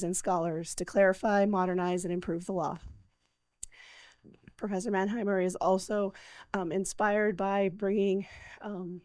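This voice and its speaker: A hoarse woman hosting a lecture series, introducing the speaker through a microphone in a halting way with many fillers. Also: medium pitch, darkish tone, no echo, rough recording. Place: event space with a live audience.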